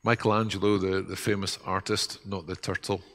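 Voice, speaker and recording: A man preaching a sermon in an earnest, reflective way, often dropping to a soft hush. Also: low voice, flat delivery, a little fast. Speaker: pastor.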